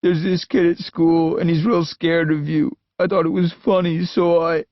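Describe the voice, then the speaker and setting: A man voicing a terrified teenage boy who sobs and apologizes in a high, breaking voice. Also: flat delivery, normal speed, dry recording, lo-fi sound, natural voice. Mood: sobbing.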